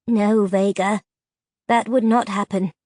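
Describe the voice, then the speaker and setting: A woman's voice: mid-range voice, fairly even intonation, slow, a little mellow, no room sound, lightly acted. A woman voicing a solemn male creature covered in grass, who speaks formally and measuredly, in a fantasy audiobook.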